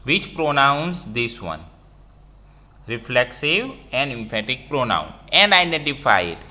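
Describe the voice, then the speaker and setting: A man's voice: mid-range voice, big pitch swings, measured pace, sharp tone. A man with an Indian English accent teaching a grammar lesson, repeating points and quizzing listeners with "what?".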